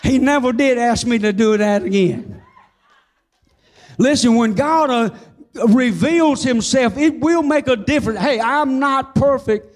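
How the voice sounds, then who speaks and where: An older man preaching with a strikingly high voice. He tells his testimony in a folksy, humorous way and slows to a fervent crawl on the words he wants to land. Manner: fervent, slows down on key phrases. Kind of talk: sermon with personal testimony.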